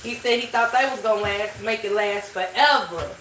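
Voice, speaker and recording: A woman's voice: mid-range voice, normal speed, a bit bright, slight background noise. A woman hosting a livestream, reading chat and joking loosely with plenty of swearing. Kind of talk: casual chat. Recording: echoey room, mic at a distance.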